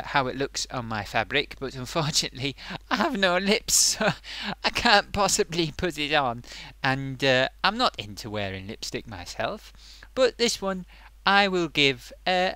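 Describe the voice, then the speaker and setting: A man voicing an excitable male sock puppet who hosts a comic makeup review, gushing and bumbling. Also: mid-range voice, no echo. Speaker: host.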